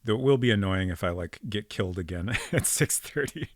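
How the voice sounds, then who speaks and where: Streaming an old detective game, a man thinks out loud in a loose, wandering way, dropping lots of ums as he puzzles things through. His voice is lowish with lively intonation, he talks fairly quickly, and there's a slight hiss or hum on the recording.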